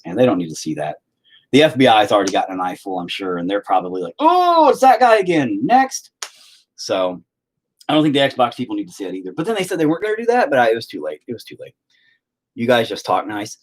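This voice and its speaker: A man hosting a livestream in casual chat, rambling and teasing the viewers with lots of profanity. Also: mid-range voice. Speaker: livestream host.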